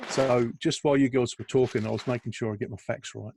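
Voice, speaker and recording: A man's voice: mid-range voice, fairly even intonation, fast talker, gravelly, a little mellow, slightly rough. A middle-aged man, co-hosting a podcast in a rambling, chatty way, often laughing and restarting his sentences. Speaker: podcast co-host. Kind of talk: casual chat.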